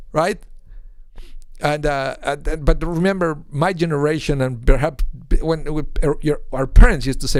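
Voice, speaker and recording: Gravelly, animated rabbi teaching Torah. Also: male voice, fairly high pitch, normal speed, no room sound, studio quality. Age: adult with a young son. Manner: animated, explains with rhetorical questions and acted-out quotes. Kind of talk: informal online Torah lesson.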